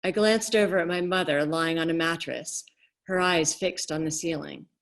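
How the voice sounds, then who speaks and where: A woman author reading her novel aloud in a measured, expressive way over a video call. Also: low-pitched.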